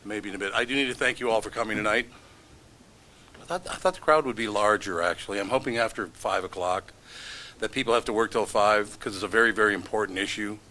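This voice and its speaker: Middle-aged male radio host, live-event emcee, bright forceful tone, dry sarcastic humor. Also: on the low side, fast talker. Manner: wry, sarcastic asides and self-deprecating jokes. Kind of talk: live stage emceeing, joking with the audience. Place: event room before a live audience.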